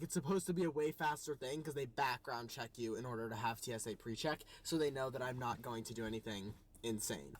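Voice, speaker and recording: A man with a fairly high voice tells a casual story. He sounds exasperated, and he acts out the other people in it. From United States. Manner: exasperated, animated retelling with voiced quotes. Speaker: co-host.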